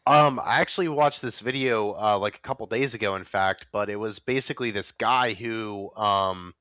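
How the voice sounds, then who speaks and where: A man's voice: lowish voice, moderate pace, no room sound, lo-fi sound. A man co-hosting a casual podcast chat, retelling stories animatedly and acting out the voices. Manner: animated storyteller, acts out voices in his retellings. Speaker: podcast co-host.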